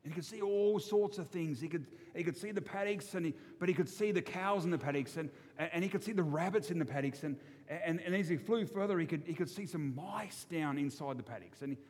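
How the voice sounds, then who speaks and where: A man's voice: on the high side, a little mellow, breathy edge. An Australian man telling a fable in a folksy, rambling way with many restarts. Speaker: storyteller. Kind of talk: told fable. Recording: long hall reverb.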